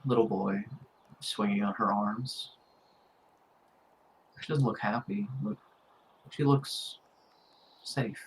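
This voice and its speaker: A man as game master, narrating a tabletop role-playing scene in a grave, unhurried second-person storytelling manner. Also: lowish voice, lively intonation, a little hiss or hum, poor audio.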